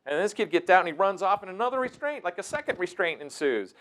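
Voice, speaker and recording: A middle-aged man telling stories as a teacher, animated and breaking into loud, shouted impressions. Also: high-pitched, quick pace. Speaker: wilderness mentor and teacher. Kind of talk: storytelling talk.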